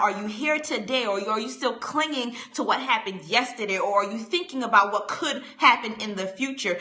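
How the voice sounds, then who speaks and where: Bright, energetic woman giving a motivational talk. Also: on the high side. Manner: energetic, emphatic, repeats phrases for effect. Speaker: motivational host. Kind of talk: live-stream motivational talk. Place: home live stream.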